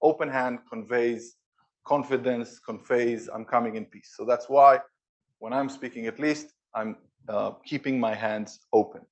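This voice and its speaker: Energetic man giving an office talk. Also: mid-range voice. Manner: energetic, demonstrative, pausing for emphasis. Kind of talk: live presentation to co-workers. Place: office event room with an audience.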